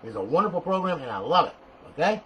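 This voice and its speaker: A man's voice: on the high side, very animated, fast, sharp tone, slight background noise, poor audio. A man walking a viewer through a console menu in a casual tutorial, blunt and profane, with frequent "okay?" checks. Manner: repeats "okay?" and "all right?" as checks. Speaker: tutorial host.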